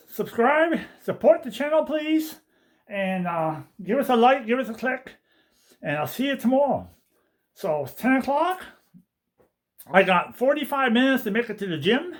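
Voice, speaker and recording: A man's voice: very high-pitched, poor audio. An older man, a sheep farmer, chatting casually and joking as he does the evening chores in his barn. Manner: joking, folksy, talks to the animals. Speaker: sheep farmer, channel host. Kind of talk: casual chat while doing farm chores.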